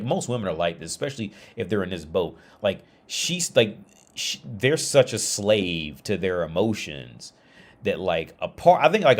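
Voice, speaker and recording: Low-voiced male streamer, rambling and lively in a loose monologue. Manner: rambling with many restarts and "like"s. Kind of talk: casual livestream monologue.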